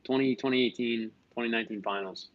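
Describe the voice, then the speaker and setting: A man's voice: mid-range voice, fairly even intonation, fast, dull audio, a crowd in the background. Young man, casual sports podcast co-host.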